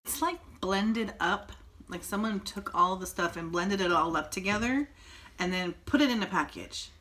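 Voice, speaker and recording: A woman co-hosting a casual food-tasting chat, blunt and animated as she complains about what she eats. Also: mid-range voice, moderate pace. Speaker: co-host of a vegan food review channel.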